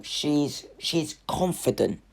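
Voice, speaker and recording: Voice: medium pitch, sing-song, slow pace, gravelly. A film reviewer giving a casual spoiler review, chatty and full of "like" and "you know.".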